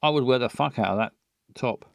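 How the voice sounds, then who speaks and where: A man's voice: mid-range voice, brisk, gravelly, a little mellow, no room sound, studio quality. Man rambling through improv comedy. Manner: crude, rambling, stammering restarts. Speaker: comedy podcast host.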